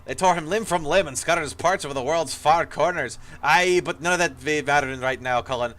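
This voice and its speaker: A man voicing a wounded ghost dwarf warrior, speaking in a gruff, dry voice and an old-fashioned dwarven dialect. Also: a little high, fairly quick, close to an everyday voice. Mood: storytelling. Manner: archaic dwarven dialect, loud and emphatic.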